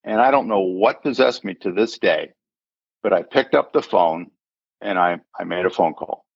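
A man's voice: deep voice, lively intonation, moderate pace, gravelly, slightly rough, no room sound. An older man, a retired forensic accountant, telling a story in an interview and acting out the voices of the people in it. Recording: dull lo-fi sound.

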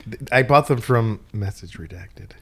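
A man's voice: lowish voice, animated, moderate pace, husky. A man as a podcast guest, chatting casually, self-deprecating and joking as he explains things plainly. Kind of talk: casual interview chat.

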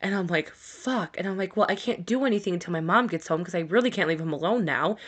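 A woman's voice: lowish voice, fast, breathy edge. A woman co-hosting a podcast, telling a story in casual chat, swearing freely and laughing as she goes. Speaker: podcast co-host.

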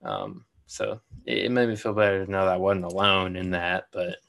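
A man's voice: sits low, fairly even intonation, normal speed, gravelly, fairly bright tone. A young man co-hosting a podcast in casual chat, laid-back, saying "dude" and "like" a lot. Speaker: podcast co-host.

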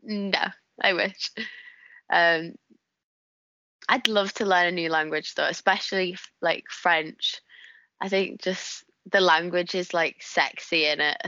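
A woman's voice: on the low side, steady tone, slow, pushed and bright, dry recording, dull audio. A woman in her twenties with a Wigan-area northern English accent, chatting casually as a podcast guest and often laughing as she tells stories. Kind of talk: casual chat.

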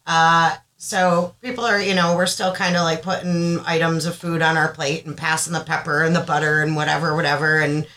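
A podcast co-host with a low-sitting voice tells a story in casual chat, animated and laughing often. She talks at normal speed with few pauses, though the audio quality is poor.

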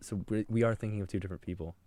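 A man's voice: fairly low pitch, fairly even intonation, racing, dark tone, no echo. A man co-hosting a podcast in casual chat, laid-back, with dry, terse reactions. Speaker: podcast co-host.

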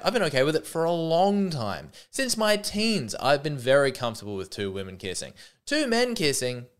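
A man's voice: mid-range voice, fairly bright tone, smooth. A man hosting a comedy podcast, speaking in a mock-earnest, rambling way with frequent restarts. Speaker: podcast host.

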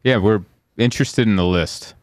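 A man's voice: on the low side, normal speed, no room sound. A man, a comedian hosting a podcast, riffing and joking in casual chat and laughing often.

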